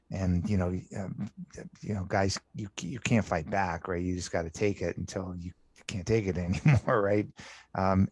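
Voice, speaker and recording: A middle-aged man, a podcast guest, candidly recounting his life with many halting restarts and repeated words. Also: lowish voice, a little mellow, dry recording. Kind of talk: candid personal storytelling.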